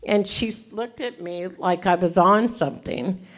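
A woman in her seventies from California gives an animated, jokey, self-deprecating storytelling talk as a recovery meeting speaker. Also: lowish voice, measured pace. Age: 70s.

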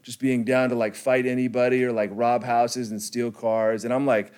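A young man from California tells his own story to a group in a relaxed, slangy way. He fills his talk with "like" and "you know" and chuckles often. His voice sits at an ordinary pitch for a man. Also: normal speed, clean tone. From California, United States. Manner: laid-back slangy storytelling, heavy on "like", chuckling. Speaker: recovery speaker sharing his story. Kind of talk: personal testimony to a group.

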